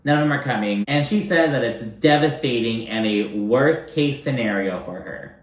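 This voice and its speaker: A man's voice: mid-range voice, normal speed, far from the mic. Sassy man recapping in a roomy space. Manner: animated, sassy, swearing, acts out quoted cast members. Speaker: recap host. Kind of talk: casual reality TV recap.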